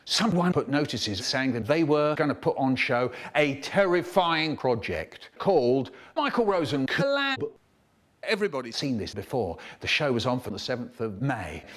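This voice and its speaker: Speaking at a normal speed in a medium-pitched voice, a man tells remixed comic stories from his childhood. He's an animated storyteller, doing impressions of the voices of everyone involved.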